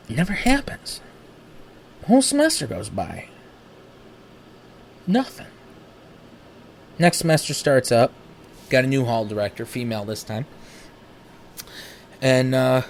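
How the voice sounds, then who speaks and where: A man's voice: medium pitch, a little hiss or hum. A young man telling a personal story in a candid, profane, casual way. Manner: candid, profane, animated retelling. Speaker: podcast host.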